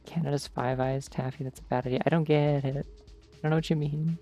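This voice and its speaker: A male streamer talks casually over his gameplay, drifting from thought to thought with plenty of filler words. His voice is gravelly, with a bit of vocal fry. Soft game music plays faintly underneath. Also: fairly high pitch, steady tone, a little fast. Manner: rambling, digressive, many "like" fillers. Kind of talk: casual chat while gaming.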